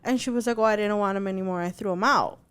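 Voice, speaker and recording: A young adult woman co-hosting a podcast, telling a story in an animated, chatty way, full of fillers and swearing. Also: medium pitch, fast, clean tone. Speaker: podcast co-host. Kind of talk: casual chat.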